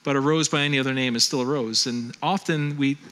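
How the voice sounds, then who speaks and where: A male pastor from Western New York preaching a sermon in a conversational, animated way. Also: mid-range voice, fast.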